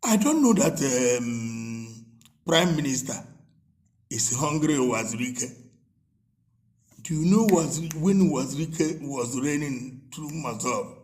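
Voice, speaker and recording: A man's voice: mid-range voice, animated, measured pace. A man giving a mocking, repetitive political rant, stammering at times and slipping into Igbo. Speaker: political commentator. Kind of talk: ranting commentary.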